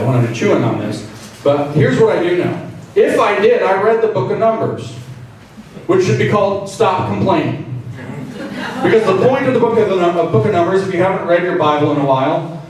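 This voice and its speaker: A man's voice: high-pitched, darkish tone. A man giving a joking, conversational speech to an audience at a meeting, acting out quoted voices. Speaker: invited speaker. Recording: very echoey room, distant mic, faint noise.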